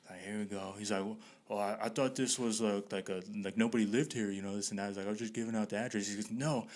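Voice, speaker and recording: A podcast host telling a story in a laid-back way, swearing freely and laughing through it. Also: male voice, on the low side, steady tone, fast, darkish tone. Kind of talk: casual storytelling.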